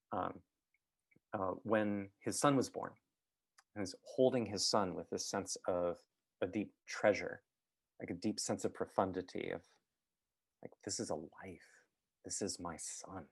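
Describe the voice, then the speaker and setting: A man speaking in a reflective, exploratory way as a guest speaker. His voice sits a little low. He pauses, restarts and fills gaps with small hesitations as he thinks aloud. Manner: thoughtful, halting, with many fillers and restarts. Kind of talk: reflective talk.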